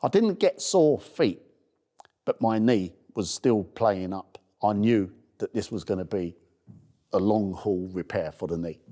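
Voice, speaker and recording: Low-voiced British man telling his story. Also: measured pace. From United Kingdom. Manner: storytelling, animated voices for people he meets. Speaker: charity walker telling his journey. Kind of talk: spoken travel diary.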